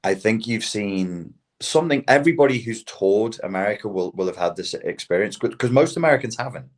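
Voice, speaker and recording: A podcast guest, a man whose voice sits fairly low, swaps stories in a relaxed, unhurried chat. His tales are heavy with profanity, and now and then he acts out other people's lines in lively voices.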